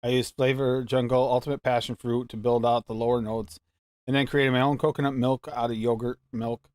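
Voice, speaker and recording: A man's voice: medium pitch, little pitch movement, a little fast, a little mellow, dry recording. A man hosting a live mixing show, chatting casually and reading recipes aloud in a rambling, musing way. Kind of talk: casual live-stream chat.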